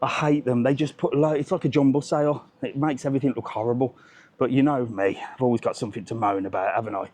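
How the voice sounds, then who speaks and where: A cheerful man strolls down a seaside street with a handheld camera, chatting away to his live viewers. His voice sits in an ordinary middle pitch, and he calls out friendly greetings to people he passes. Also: fairly even intonation, fast talker, darkish tone. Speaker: travel vlogger host. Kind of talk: live walking vlog chat.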